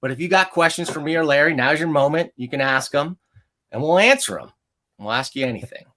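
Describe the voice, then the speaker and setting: A man hosting a casual livestream comics chat, quick and halting, often repeating his words. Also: fairly high pitch, lively intonation, pushed and bright. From Middle Eastern family. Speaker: show host.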